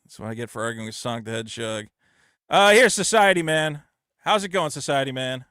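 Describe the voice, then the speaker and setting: A man hosting a call-in podcast, talking in a loud, profane, ranting way on a close studio mic. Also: mid-range voice, animated, a little fast, clean tone, dry recording. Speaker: podcast host. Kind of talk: casual call-in chat.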